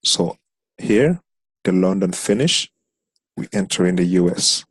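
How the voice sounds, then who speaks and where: A man's voice: sits low, lively intonation, a little slow, husky, dry recording. A man teaching a trading strategy over a screen share, explaining step by step and counting chart candles aloud. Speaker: trading instructor.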